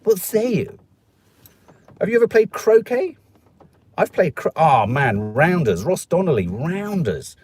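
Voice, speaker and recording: A man's voice: on the high side, sing-song, unhurried, darkish tone, husky, no room sound. Chatty man with a Stoke accent. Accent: Stoke-on-Trent English. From England. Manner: chatty, rambling, jokey, puts on voices for people he quotes. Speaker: live stream host. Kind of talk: casual chat reading viewer comments.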